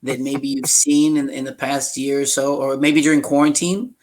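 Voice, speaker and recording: A man hosting a podcast, steering the chat in a playful way with halting restarts. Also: mid-range voice, little pitch movement, darkish tone. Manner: laughing, playful, hesitant restarts. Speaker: podcast host. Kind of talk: casual chat.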